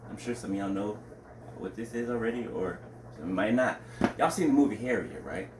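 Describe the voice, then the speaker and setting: A man talking casually to the camera about faith, rambling, asking "right?" often and now and then breaking into loud outcries. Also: fairly low pitch, lively intonation, fairly quick. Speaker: religious vlogger. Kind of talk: casual religious talk to camera. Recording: roomy, distant mic, faint background noise.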